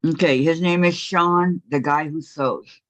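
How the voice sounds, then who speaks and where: A woman's voice: deep voice, a little slow, no echo. A woman hosting a craft livestream, reading out viewer comments and answering in short, reactive replies. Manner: brief, reactive replies, firm with trolls. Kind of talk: casual chat. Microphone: video call. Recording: dry, dull video-call audio.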